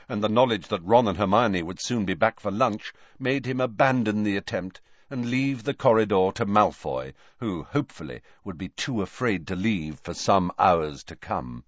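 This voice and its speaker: An audiobook narrator reads a novel aloud in an expressive storytelling manner, his voice on the low side. The scripted narration has a dull, dry recording with no echo.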